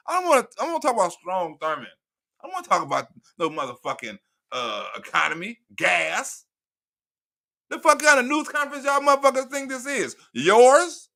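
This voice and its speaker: A man's voice: high-pitched, sharp tone, exaggerated voice. A man putting on a cranky old male president who rambles, curses and stammers through restarts.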